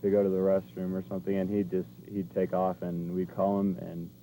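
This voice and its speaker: A man's voice: low voice, completely flat delivery, a little fast, dark tone, slight background noise, poor audio. A man dog owner describing his dog's habits in a hesitant, plainspoken way, outdoors on an old VHS tape. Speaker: dog owner in training session. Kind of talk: casual conversation.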